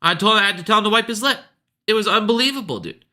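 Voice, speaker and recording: A man's voice: high voice, fast talker, bright, forceful tone. A man giving profane, sarcastic commentary and mocking people in a rant. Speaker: video commentator. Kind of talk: ranting commentary.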